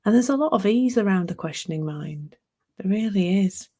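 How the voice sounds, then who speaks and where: A middle-aged woman giving a reflective spiritual talk, musing unhurriedly, laughing at herself and dropping into soft near-whispers. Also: medium pitch, animated, moderate pace.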